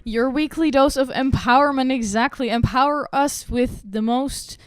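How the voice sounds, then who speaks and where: An outspoken young woman hosts her podcast in a small studio, bubbly and playful. She speaks into a studio mic with music playing clearly behind her. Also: sits high, normal speed, few pauses. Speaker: podcast host. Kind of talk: casual podcast chat. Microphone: studio microphone.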